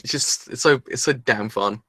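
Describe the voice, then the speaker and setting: A man doing a live reaction review from his room, rambling excitedly and swearing casually, with a sore throat. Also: medium pitch, moderate pace, slightly rough, no echo. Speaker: anime reviewer.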